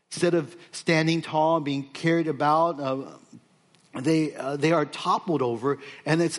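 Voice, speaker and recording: A man preaching on scripture, reading verses aloud and explaining them off the cuff with frequent fillers and restarts. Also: a little high. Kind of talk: expository sermon.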